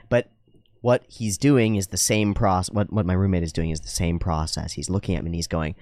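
A man's voice: low voice, brisk, no room sound, studio quality. A man hosting a podcast, talking casually and reflectively, acting out dialogue in different voices and swearing casually. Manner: animated storyteller, acts out dialogue in voices. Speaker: podcast host.

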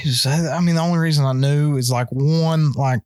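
A man co-hosting a podcast, telling a wild story in a casual, profane, animated way with big swings in his voice. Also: on the high side, moderate pace, no room sound, clean studio sound. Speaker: podcast co-host.

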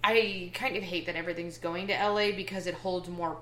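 An opinionated woman guesting on a podcast, talking emphatically and telling animated stories. The room around her sounds roomy and a bit reverberant, with faint household ambience underneath. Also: lowish voice, a little fast, a little hiss or hum. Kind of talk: casual chat. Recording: roomy home recording.

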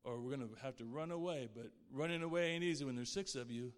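A man's voice: medium pitch, quick pace, clean tone, long reverb tail. A man sharing a personal faith testimony in an earnest, heartfelt way. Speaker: guest speaker sharing his testimony.

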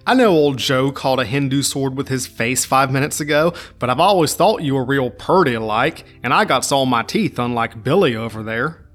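A rough soldier courting a new widow, as a man puts him on, all drawl and folksy charm in a Southern US accent. He is blunt and coaxing at once. His voice sits in an ordinary middle register. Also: medium pitch, expressive, normal speed, a bit bright. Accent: Southern US put-on. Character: rough male soldier, folksy would-be suitor.

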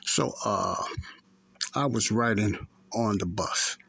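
This is a man, hosting a faith talk show. His voice is low, gravelly and husky. He tells his story in loose, repetitive loops, full of fillers and restarts. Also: slow pace, fairly bright tone. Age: 50s. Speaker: podcast host. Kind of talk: casual spoken testimony.

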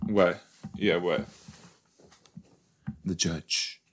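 Young male podcast host, deep and unhurried, rambling, jokey watch-along chatter. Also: steady tone, slight background noise. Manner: chatty, rambling, easily startled, playful asides. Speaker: podcast host reacting to an episode. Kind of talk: casual watch-along commentary.

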